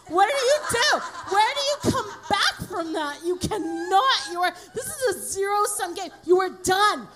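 A woman's voice: extremely high pitch, big pitch swings, unhurried, background noise. A middle-aged woman stand-up comedian, brash and crude, laughing through her stories on a comedy club stage. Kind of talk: profane stand-up and stage interview.

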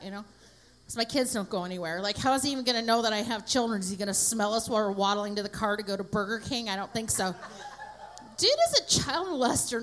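A middle-aged woman doing a brash, profane stand-up comedy set with deadpan crowd work. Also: high-pitched.

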